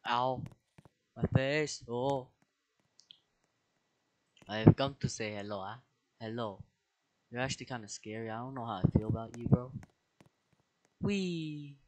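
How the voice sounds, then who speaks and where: A young man giving casual let's play commentary, excitable, with dramatic outbursts, squeals and slang. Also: medium pitch, a little slow, pauses often, poor audio. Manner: slang-heavy casual talk. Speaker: gaming video creator.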